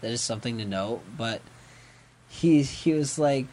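A man's voice: medium pitch, unhurried. A man co-hosting a podcast, casually retelling a comic story with frequent laughter and acted-out quotes. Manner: giggly, animated retelling of a comic, acts out quotes. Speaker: podcast co-host.

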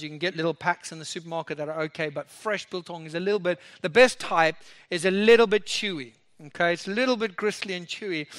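A man preaching a sermon, swinging between loud emphasis and soft, low asides.

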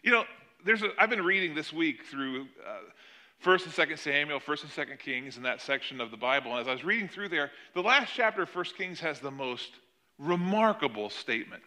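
A middle-aged man preaching a sermon, telling the story with animated swings between loud emphasis and quiet asides. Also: a little high, a little fast. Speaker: pastor.

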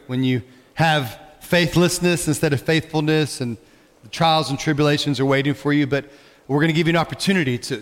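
A male pastor delivers a sermon in a church sanctuary, his slightly high voice carrying a long hall reverb. He talks in a conversational way and tosses questions out to the congregation. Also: a bit bright.

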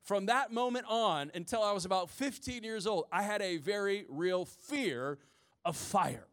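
With a smooth, fairly bright, high voice and a slightly slow delivery, a pastor in his forties addresses his congregation in church. Hailing from the rural Midwest, he fills his sermon with stories and humorous asides.

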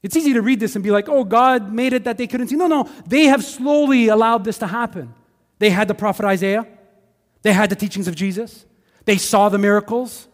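A high-pitched man with a Quebec accent preaches in a casual, conversational way, dropping into quick acted asides. His voice rings out with a long reverb tail, as if filling a large church sanctuary. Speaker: pastor. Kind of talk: sermon.

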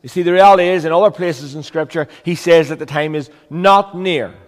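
A man's voice: a little high, fairly quick, in a large hall. A man preaching a sermon as a pastor, earnest and emphatic, with rhetorical questions.

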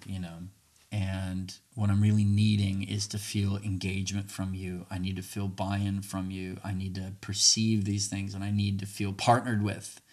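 A man's voice: low-pitched, a little mellow. A man hosting a podcast in a casual, earnest, coaching way, repeating phrases for listeners to say along. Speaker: podcast host. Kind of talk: casual podcast talk on communication.

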